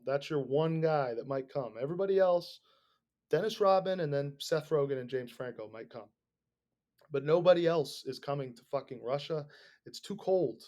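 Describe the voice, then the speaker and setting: A man's voice: a little high, a little mellow, highs cut off. A man hosting a podcast, ranting casually in a rambling, sarcastic, profane way. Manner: rambling, sarcastic, swears a lot. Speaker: podcast host.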